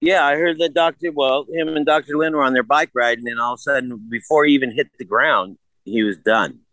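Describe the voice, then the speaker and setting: A man's voice: mid-range voice, a little fast, sharp tone, no echo, rough recording. An older man in a casual interview, blunt and profane, rambling through stories. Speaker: guest.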